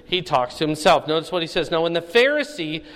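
A man's voice: fairly high pitch, sing-song, fairly quick, a bit bright, big-room sound. A man teaching a Bible study in a conversational way, often checking in with the listeners.

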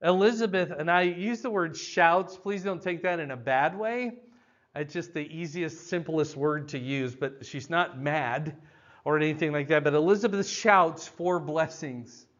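An older man teaching a Bible passage verse by verse, with a loud, emphatic, explanatory delivery. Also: fairly high pitch, a little slow, muffled recording.

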